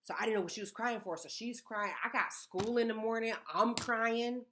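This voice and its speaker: A woman, telling stories in a casual chat, animated and emphatic, often repeating words for effect. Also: fairly high pitch, normal speed, background noise. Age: 30s.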